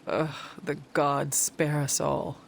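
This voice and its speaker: A formal, dry-witted gentleman. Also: fairly high pitch, flat delivery, slow, vocal fry, a little hiss or hum. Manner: formal, dry, precise diction. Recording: game audio with faint music.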